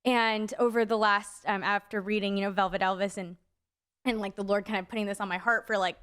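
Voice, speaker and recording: A young woman in casual podcast chat who rambles through a story, padding nearly every phrase with "like" and "um." Her voice sits at an ordinary middle pitch for a woman, relaxed and conversational. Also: brisk, clear, resonant tone. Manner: rambling, many "like" fillers. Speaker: podcast co-host.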